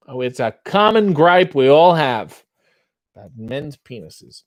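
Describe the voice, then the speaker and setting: A man's voice: fairly high pitch, lively intonation, fairly quick, dry recording. Man hamming up limericks, then wry asides. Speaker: livestream host reading chat. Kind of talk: casual livestream chat with comic limerick readings.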